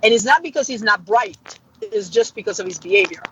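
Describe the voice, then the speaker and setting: A woman's voice: fairly quick, gravelly. A woman, a middle school art teacher, telling classroom stories in casual chat and acting out the voices of the people she quotes. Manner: animated, acts out quoted dialogue with big pitch jumps. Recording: slightly dull audio with faint noise.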